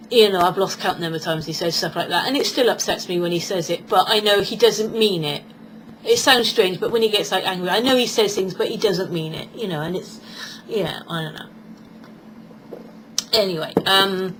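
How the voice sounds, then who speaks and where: A medium-pitched, slightly bright voice belongs to a British vlogger in her forties rambling casually to camera. She's chatty and acts out quoted voices, and the low-quality recording carries slight background noise.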